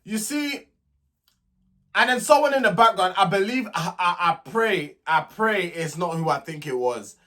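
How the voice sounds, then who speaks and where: A young man with a high, light voice rants through a casual reality TV recap. He is sassy and indignant, often stumbling over and repeating his words as he goes. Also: lively intonation, moderate pace, sharp tone. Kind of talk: casual vlog commentary.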